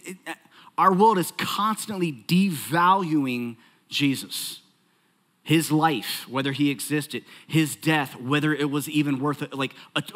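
A man preaching a sermon in a church, conversational and animated, joking and acting out little asides. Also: on the high side. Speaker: pastor.

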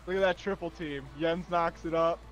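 A man's voice: on the high side, fairly even intonation, normal speed, lo-fi sound, crowd noise. Teasing young man on a game stream. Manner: joking, teasing banter. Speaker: stream co-player. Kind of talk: casual gaming chat.

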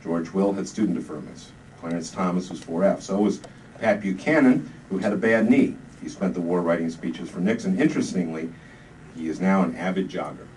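Guy reading his funny book out loud, dry deadpan, lowish voice, noisy far mic. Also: fairly quick. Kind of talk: comic reading to a live audience. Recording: distant mic, noisy live room.

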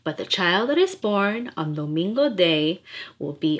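A woman's voice: lowish voice, big pitch swings, a little slow, slightly rough. A woman reading nursery rhymes aloud in a playful, rhythmic, sing-song way. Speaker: storyteller.

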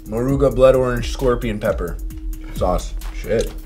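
A man's voice: medium pitch, a little slow, soft background music. A man from Montreal, a guest telling stories with lots of swearing in a casual interview while eating hot wings. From Montreal, Canada. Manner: profane, animated storyteller.

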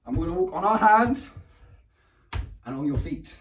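Upbeat English PE teacher, echoey room. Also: male voice, expressive, normal speed, background noise. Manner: encouraging, counts down and praises often; makes animal noises, roars and squeaks. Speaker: primary school PE teacher. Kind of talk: home PE lesson for young children. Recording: echoey room, mic far away.

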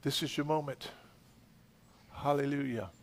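A middle-aged man, a pastor, leading a charismatic healing prayer at a church service, fervent and commanding, swinging from loud shouted rebukes to hushed murmurs. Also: on the high side, steady tone, unhurried, heavy background noise. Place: church sanctuary.

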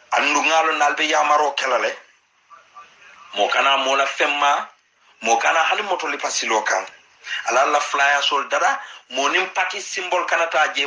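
A man's voice: a little high, sharp tone, low-quality recording. A Gambian man giving impassioned political commentary, repeating his points for emphasis. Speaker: political party activist.

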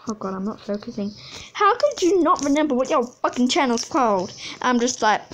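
A woman's voice: a little high, normal speed, noisy background. A teenage girl who makes animations, chatting casually and rambling while she draws, swearing a lot and losing her train of thought. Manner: profane, rambling, easily sidetracked. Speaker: animation channel creator.

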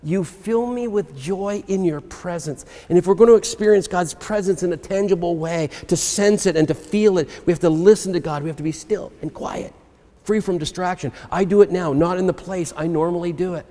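Guy pastor preaching, kinda high voice, earnest, long church echo. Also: fairly even intonation, brisk, mellow. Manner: earnest, personal preaching with scripture readings. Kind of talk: sermon. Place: church sanctuary. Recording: long hall reverb.

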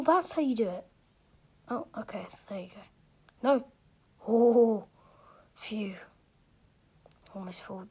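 A woman talks through a platform game in a casual, unhurried way, her fairly high voice husky at the edges. She grumbles at her own mistakes and often sinks to a near whisper. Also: a little mellow. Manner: frustrated, often dropping to a whisper. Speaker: gaming video creator. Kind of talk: casual gameplay commentary.

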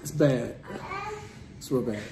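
A man's voice: medium pitch, slow pace, echoey room, very noisy. A man at home teasing and trash-talking his wife after a playful game. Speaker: husband.

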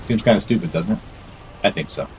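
Man, deep voice, gameplay commentary, swears a lot, scolds himself, slightly dull recording, faint hiss. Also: fast, darkish tone. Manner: swearing, self-scolding and talking to the game's characters. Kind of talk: let's play commentary.

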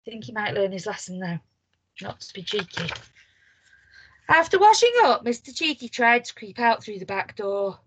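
Medium in pitch and moderate in pace, this woman's voice carries a breathy edge. As a primary school teacher, she reads a picture book aloud to young children with animation, asking them questions throughout.

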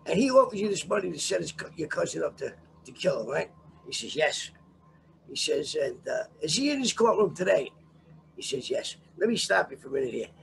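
A man's voice: fairly high pitch, very animated, a little fast, gravelly, slight background noise. An older man telling a long story with swearing and lots of animation, as a guest in a casual interview.

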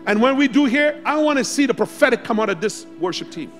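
High-voiced preaching man, fervent. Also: quick pace, faint music behind. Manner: exhorting, calls on the congregation to respond; lively, swings between loud shouts and quiet asides. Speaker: pastor. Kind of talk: sermon. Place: church sanctuary.

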